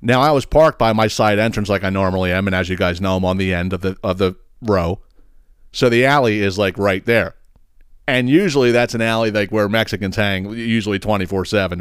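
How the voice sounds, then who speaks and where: A man's voice: lowish voice, clean tone, dry recording, clean studio sound. A man hosting a podcast, telling a story casually, rambling, swearing often and laughing at himself. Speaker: podcast host.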